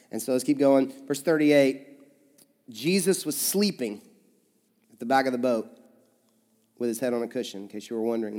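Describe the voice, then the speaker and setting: Man preaching in an echoey church. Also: mid-range voice. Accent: Kentucky. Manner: conversational, emphatic preaching with sharp shifts from loud to hushed. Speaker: pastor. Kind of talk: sermon. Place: church sanctuary. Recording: church hall reverb with soft music.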